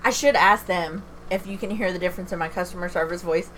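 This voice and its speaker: A woman's voice: lowish voice, fast, fairly bright tone, a little hiss or hum. A middle-aged woman streaming a game from home, chatting candidly and self-deprecatingly with viewers and laughing often. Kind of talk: casual livestream chat.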